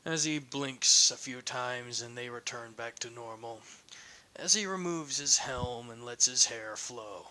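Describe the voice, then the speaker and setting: A man's voice: mid-range voice, pushed and bright. A man reading his own fan story aloud in a loose, conversational way, with restarts. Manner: slow, loose, unscripted-sounding narration.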